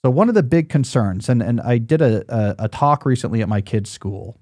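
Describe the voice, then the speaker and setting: A man's voice: medium pitch, animated, fairly quick, darkish tone, no echo, studio quality. Rambling, jokey male podcast host. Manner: rambling, jokey, lots of fillers and restarts. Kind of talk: casual podcast chat.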